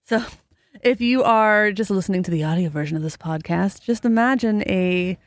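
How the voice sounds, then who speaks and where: Young woman podcast host, playful and chatty, quick to laugh, casual interview at a gear show. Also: mid-range voice, no echo. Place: busy gear show floor.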